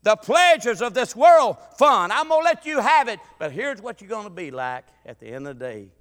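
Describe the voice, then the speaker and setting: Preacher man, real high bright voice, folksy stories, stammers and restarts, long church hall echo. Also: very animated, moderate pace. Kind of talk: sermon with storytelling.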